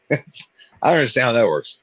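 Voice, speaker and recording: A man's voice: medium pitch, big pitch swings, fairly quick, fairly bright tone, husky, dry recording. A man co-hosting a live stream, laid-back in his chat, laughing often and swearing casually. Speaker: co-host of a live watch party stream. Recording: dull, muffled stream audio.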